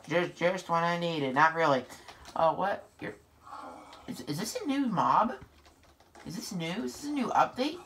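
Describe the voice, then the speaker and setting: Woman gaming host, low-ish voice that swings widely, jumpy and sarcastic while she plays. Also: a little hiss or hum. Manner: excitable and sarcastic, talks to viewers. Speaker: gameplay video host. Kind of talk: live gameplay commentary.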